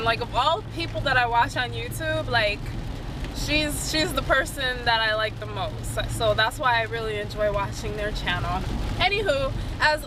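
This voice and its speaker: A woman's voice: on the high side, noisy background. A young woman in casual vlog chat, telling a rambling story with lots of fillers. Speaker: vlogger. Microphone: handheld compact camera.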